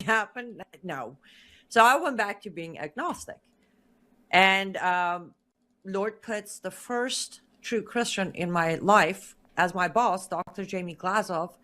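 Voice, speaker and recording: A woman guest in an interview, telling a personal story in a lively way and acting out the dialogue she quotes. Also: lowish voice. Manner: lively narrator who acts out quoted dialogue.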